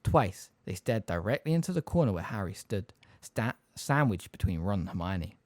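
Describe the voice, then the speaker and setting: Expressive man narrating an audiobook. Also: on the low side, normal speed, no echo. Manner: expressive, storytelling. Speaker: audiobook reader. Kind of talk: scripted narration.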